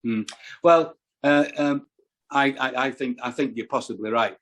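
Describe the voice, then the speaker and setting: A man's voice: mid-range voice, measured pace, fairly bright tone. A man on a podcast as a guest, talking casually and hesitantly, often stumbling and repeating words. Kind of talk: casual chat.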